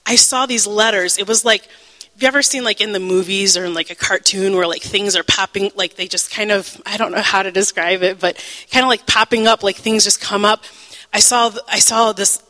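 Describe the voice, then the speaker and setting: A woman's voice: medium pitch, fairly even intonation, pushed and bright, in a large hall, rough recording. Emotional woman sharing a faith testimony. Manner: emotional, halting, many fillers and restarts; breaks into laughter. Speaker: Bible teacher. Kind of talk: personal testimony teaching.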